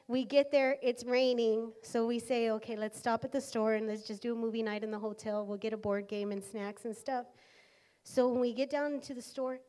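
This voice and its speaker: A woman's voice: fairly high pitch, a little mellow. A woman in her thirties telling a personal testimony in church, earnest and acting out the dialogue. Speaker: speaker sharing a testimony.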